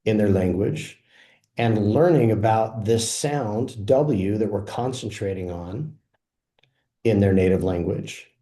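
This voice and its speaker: A man with a fairly low voice talks through a product demo, relaxed and explanatory as he clicks through each feature. The sound carries a noticeable roomy echo. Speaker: software presenter.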